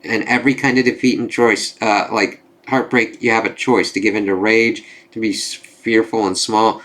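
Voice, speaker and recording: Young guy rambling through a comic review, kinda low voice, swears a bunch. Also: fairly even intonation, normal speed, hardly any pauses, fairly bright tone. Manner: casual, rambling, swears freely, lots of filler words. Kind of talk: casual video review.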